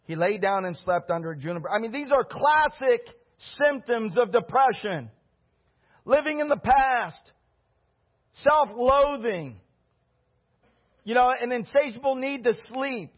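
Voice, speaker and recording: A man preaching a sermon as pastor, animated, with rhetorical questions and shouted peaks. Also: very high-pitched, measured pace, lo-fi sound.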